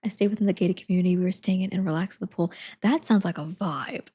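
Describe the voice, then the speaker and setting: A woman's voice: on the low side, fast, warm tone, husky. A young woman chatting casually with her stream viewers, giggling and rambling with lots of fillers. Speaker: live streamer.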